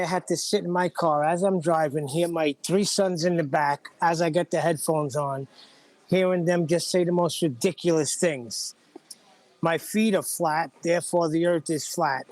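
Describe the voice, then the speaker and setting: A father chatting casually, telling stories in an animated way. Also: on the high side, no room sound. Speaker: father, podcast guest. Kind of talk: casual chat.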